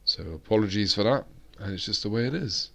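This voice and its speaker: A man's voice: fairly low pitch, a little fast, creaky. A British man hosting a live-stream chat, rambling along with plenty of fillers and restarts. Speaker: host.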